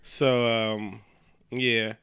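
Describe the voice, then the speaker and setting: A man co-hosting a casual podcast, retelling a movie scene by scene in an animated way and slipping into voices for the characters. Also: mid-range voice, very slow, clear, resonant tone, no echo. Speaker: podcast co-host. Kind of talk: casual movie recap chat.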